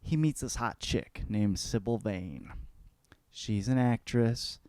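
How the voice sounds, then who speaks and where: A man's voice: lowish voice, takes it slowly, darkish tone, dry recording. Profane rambling man host, dry close sound. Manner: profane, rambling, puts on voices for characters. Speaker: podcast host. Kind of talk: crude comedic book report.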